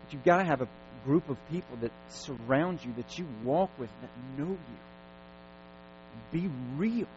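A man's voice: mid-range voice, unhurried. A man preaching a sermon in a church service, stacking emphatic repeated commands. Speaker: pastor. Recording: dull lo-fi sound with faint mains hum.

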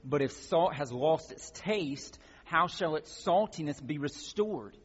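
A male pastor with a fairly high, husky voice and lively intonation preaches at a measured pace. He explains a passage in a teaching way and builds to emphatic exhortations. The recording is muffled, with long hall reverb.

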